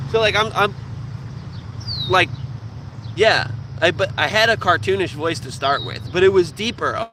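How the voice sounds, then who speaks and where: A young man with a nasal, squeaky voice, chatting casually and profanely to his live viewers. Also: moderate pace, long pauses, noisy background. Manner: profane, joking, talks with teeth hidden. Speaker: vlogger streaming live. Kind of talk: casual rambling chat.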